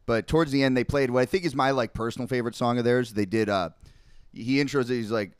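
A man's voice: mid-range voice, fast, clean tone, no echo, clean studio sound. A young man on a podcast, rambling in casual chat with heavy swearing and lots of filler words. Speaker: podcast co-host.

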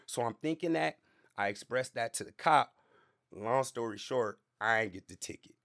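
Brief: male podcast host, easygoing slangy storyteller, mid-pitched voice, dry close sound. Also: normal speed, fairly bright tone, dry recording. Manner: laid-back, slangy, repeats fillers and asides to the listener. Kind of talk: casual storytelling monologue.

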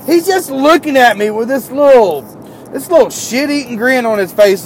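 A man casually telling animated stories about his trade job, climbing higher and louder when worked up. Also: normal speed, slight background noise. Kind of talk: casual storytelling.

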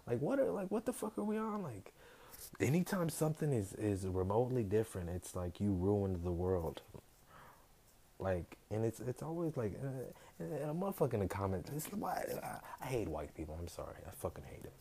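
A man ranting heatedly about music to camera, swearing constantly, swinging between low mutters and loud outbursts. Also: very animated, normal speed, breathy edge. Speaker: vlogger. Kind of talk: profane music rant to camera.

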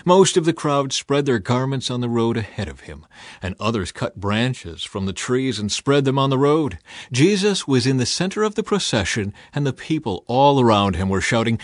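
Expressive male scripture reader, dry sound. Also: mid-range voice, moderate pace, no room sound. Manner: expressive reading with a lively rise and fall. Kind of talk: dramatized scripture reading.

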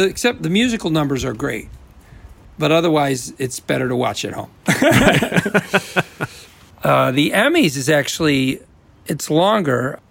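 Gravelly Midwestern-accented man chatting. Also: fairly high pitch. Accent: American Midwestern. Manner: rambling, self-correcting, laughs easily. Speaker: actor guest. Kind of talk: casual interview chat.

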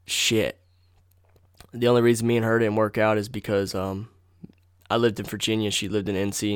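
Young guy podcasting, kinda low smooth voice, swears a lot, rambles and backtracks, dry close sound. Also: dry recording. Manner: rambling, profane, self-correcting. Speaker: podcast host. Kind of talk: casual storytelling monologue.

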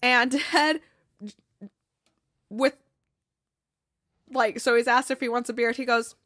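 A woman's voice: on the high side, fairly even intonation, slow, a bit bright, no room sound, studio quality. Chatty young woman recapping episodes. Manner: chatty, acts out characters' lines, frequent fillers and laughs.

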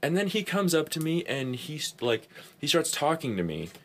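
A young man co-hosting a podcast tells stories in casual chat, animated, laughing often and swearing freely. His voice is fairly high-pitched, at a normal speed.

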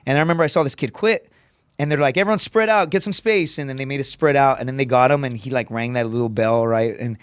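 A man, a comedian and former Marine, telling a rough story on a podcast in blunt, profane language. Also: medium pitch, no echo, studio quality. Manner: profane, rapid, animated storytelling.

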